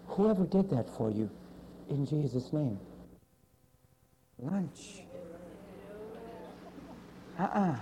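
Man, pastor, sermon, fairly high voice, mellow tone, emphatic, swinging pitch and volume. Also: lively intonation, slow pace, long pauses, slight background noise, poor audio. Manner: emphatic preaching with sudden swings in pitch and loudness.

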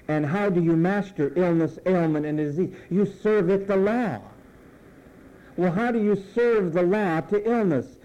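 A man preaching with a high but mellow, dark-toned voice. He speaks emphatically and lets his phrase endings drop low and slow. The sermon is heard on a slightly dull lo-fi recording. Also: expressive. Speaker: pastor.

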